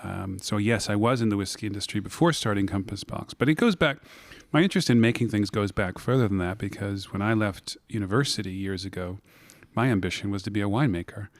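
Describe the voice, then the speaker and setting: Middle-aged American male guest, low voice, close dry mic, reflective storyteller. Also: fast, no echo. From United States. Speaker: guest, whisky maker. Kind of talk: relaxed interview storytelling. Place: blending room in an office.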